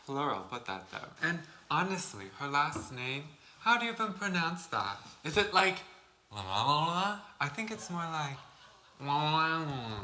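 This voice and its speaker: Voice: mid-range voice, sing-song, normal speed, bright, forceful tone, slight background noise. A drag performer playing a catty blue alien sister in a campy comedy sketch, trading sing-song gossip.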